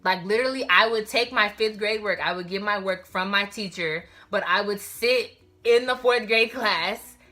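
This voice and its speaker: A young woman telling a storytime vlog in an animated, slangy way, talking straight to her viewers. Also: mid-range voice, normal speed, faint music behind. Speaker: vlogger.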